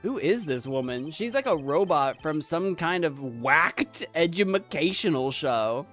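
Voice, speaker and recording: An American woman streaming a video game, rambling in an animated, giggly way. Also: low-pitched, a little slow, few pauses, soft background music. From United States. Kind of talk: casual let's play commentary.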